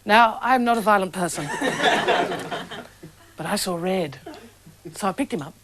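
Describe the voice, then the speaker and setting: A young adult woman telling a stand-up story in a dry, deadpan way to a laughing live audience. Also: mid-range voice, a little slow. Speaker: comedian. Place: stage before a live audience. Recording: lo-fi old television recording with loud hiss.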